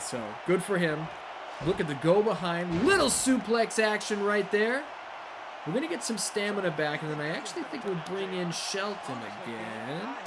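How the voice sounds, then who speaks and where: Profane excitable man with a high voice. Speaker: let's play host. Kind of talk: gameplay commentary.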